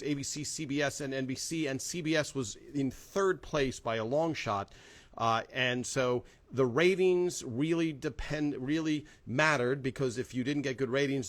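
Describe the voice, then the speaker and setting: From his home in Southern California, a man with a mid-range, fairly bright voice hosts a casual fan livestream. He chats loosely with many fillers and greets viewers by name.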